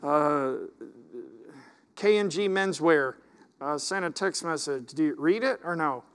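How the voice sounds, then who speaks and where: Man, pastor, sermon, high voice, impassioned, shifts between hushed and loud. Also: a little slow, clean tone.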